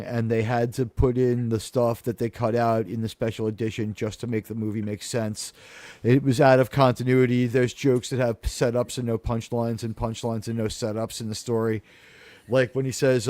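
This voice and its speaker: A man's voice: medium pitch, level tone, moderate pace, mellow, no echo. A man hosting a casual podcast panel, talking in a rambling, sarcastic way with mocking asides. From United States.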